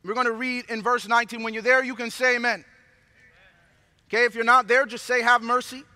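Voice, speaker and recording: Guy preaching a sermon, really high bright voice, big echoey church hall. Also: a little fast. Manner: solemn low prayer, then animated storytelling preaching. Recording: long hall reverb.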